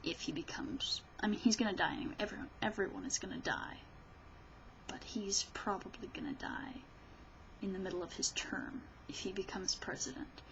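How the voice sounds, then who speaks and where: A woman's voice: mid-range voice, normal speed, vocal fry, a bit bright, whispered, highs cut off. A woman vlogger ranting about politics in a rambling, sarcastic way, often restarting her sentences. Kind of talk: casual political rant.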